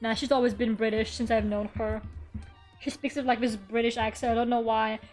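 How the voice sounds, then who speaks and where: Her voice is a little high, with little pitch movement, a fairly quick pace and a darkish tone, and faint music sits in the background. She's a woman streamer in her room at home, casually chatting, rambling, swearing at times and talking to viewers.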